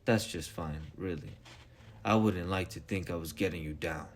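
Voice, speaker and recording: A man's voice: moderate pace, slight background noise, natural voice. A man reading as Marvin, a gloomy droning robot. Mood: pathetic. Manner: low hopeless drone.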